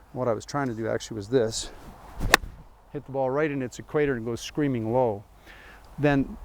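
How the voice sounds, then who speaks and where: A man's voice: medium pitch, background noise. A man, a golf teaching pro, giving a chatty lesson full of rhetorical questions and dry sarcasm. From Canada.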